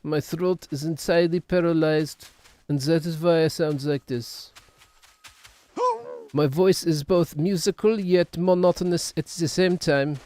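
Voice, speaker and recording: Man impersonating an older filmmaker, solemn, monotonous drone, raised pitch, unhurried. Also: natural voice. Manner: slow, grave, monotonous drone.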